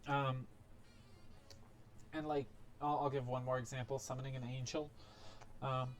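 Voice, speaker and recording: A man's voice: medium pitch, little pitch movement, measured pace, pauses often, faint music behind. A man talking to camera in a casual monologue, blunt and profane, rambling through asides and fillers. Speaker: video creator telling a personal story.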